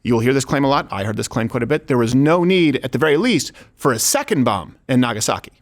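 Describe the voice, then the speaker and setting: Animated male talk show host. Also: medium pitch, quick pace. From United States. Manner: lively, joking, laughs often. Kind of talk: casual political talk show banter.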